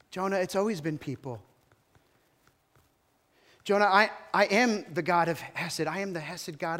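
Preacher voicing God: calm, earnest, patient, firm declarations. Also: male voice, on the high side. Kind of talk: sermon storytelling.

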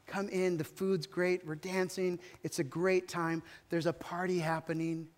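A man's voice: sits high, level tone, unhurried, voice pushed up. A man voicing a loving, welcoming father in a sermon story, coaxing and pleading.

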